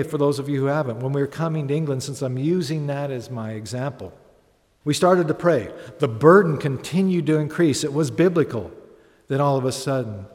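A man's voice: medium pitch, darkish tone. Guy preaching a sermon, storytelling then getting earnest, big echoey hall. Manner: storytelling, rising to earnest emphatic appeals. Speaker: pastor. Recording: long hall reverb.

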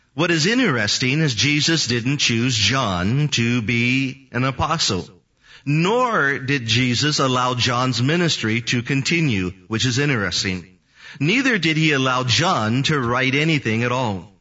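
Man preacher, verse-by-verse scripture teaching, forceful bright voice, lo-fi recording from far off. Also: medium pitch. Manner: reads scripture then explains it verse by verse. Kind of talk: Bible teaching sermon. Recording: distant, dull lo-fi recording.

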